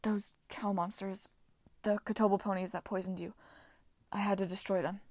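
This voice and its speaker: Woman voicing a quiet, troubled young man. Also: mid-range voice, flat delivery, normal speed, no room sound, lightly acted. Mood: subdued. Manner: quiet, subdued.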